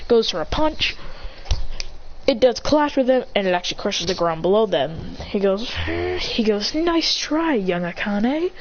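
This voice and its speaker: A woman's voice: mid-range voice, lively intonation, normal speed, slight background noise. A woman improvising a fan-fiction action story, rambling and correcting herself as she goes. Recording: dull lo-fi recording.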